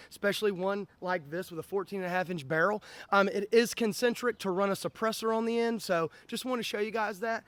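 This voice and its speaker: A man's voice: sits high, fairly bright tone, no echo. A man hosting an axe-throwing vlog, talking bluntly and in a worked-up way to camera, often repeating the same catchphrase. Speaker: axe-throwing channel host. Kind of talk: casual vlog talk to camera.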